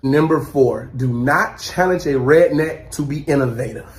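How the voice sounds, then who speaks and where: A man delivering a comedic monologue with loud bursts and drawling slang. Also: a little high, moderate pace. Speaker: comedy creator.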